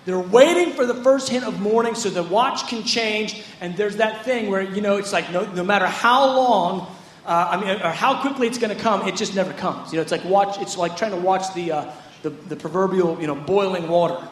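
A man's voice: high voice, moderate pace, roomy sound, slight background noise. A man preaching a sermon in a conversational way, often acting out quotes from scripture. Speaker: pastor.

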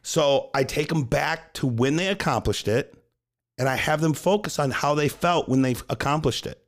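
A man's voice: on the high side, normal speed. A man who coaches gymnastics, explaining his method in casual talk, asking and answering his own questions and often adding "right?". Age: adult with a young daughter. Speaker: gymnastics coach, podcast co-host.

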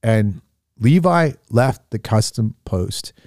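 A man's voice: on the low side, lively intonation, slow, darkish tone, no room sound, studio quality. A man hosting a faith podcast, telling a story in a loose, casual way with many fillers and restarts. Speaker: podcast host. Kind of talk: casual spiritual reflection.

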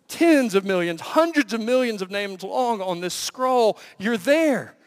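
Emphatic high-voiced male preacher. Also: long reverb tail. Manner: emphatic, rhetorical questions, swings from loud to hushed. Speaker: pastor. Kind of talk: sermon.

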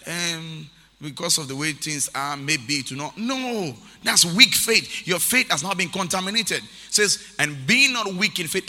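A man preaches with a cutting, forceful brightness and a voice sitting a little high. His words ring out into a large church hall with a long reverb tail. He drives his points home by repeating them and reads scripture aloud between them. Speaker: pastor. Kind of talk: sermon.

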